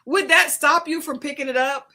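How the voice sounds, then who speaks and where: Bright-voiced woman telling a funny story. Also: sits high, normal speed. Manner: animated, laughs often, acts out quotes. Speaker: podcast co-host. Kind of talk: casual storytelling chat.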